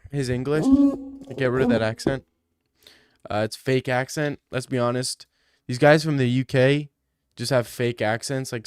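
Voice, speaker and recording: A man's voice: mid-range voice, clean tone, no echo, studio quality. A man on a stream casually answering viewer questions, joking and ranting in mock outrage.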